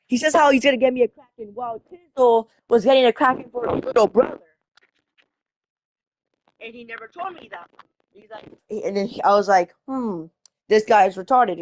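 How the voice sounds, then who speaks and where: A woman tells a story in a casual vlog rant, rambling, restarting her sentences and swearing as she goes. Her voice sits in a middle pitch, and the recording is dry and close, with no room sound. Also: no room sound. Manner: rambling, restarting and swearing while retelling a chat argument. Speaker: vlogger.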